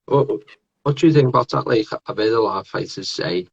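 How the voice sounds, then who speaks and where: A man's voice: lowish voice, a little fast, creaky, husky, dull audio. A man in his thirties hosting a casual podcast interview, chatty and laughing often. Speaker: podcast host.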